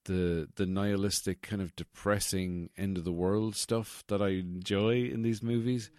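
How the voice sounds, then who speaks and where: A man's voice: low voice, fairly even intonation, normal speed, a little mellow, no room sound, studio quality. A man co-hosting a podcast, talking casually about films, often hesitant and repeating words. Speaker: podcast co-host. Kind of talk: casual film chat.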